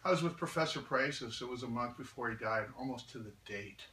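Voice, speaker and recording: A man's voice: medium pitch, fast talker. A man, a martial arts instructor and knife maker, telling a story in a chatty way with many fillers. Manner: chatty, animated, hesitant with fillers. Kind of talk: anecdotal storytelling. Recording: echoey room from far off with faint noise.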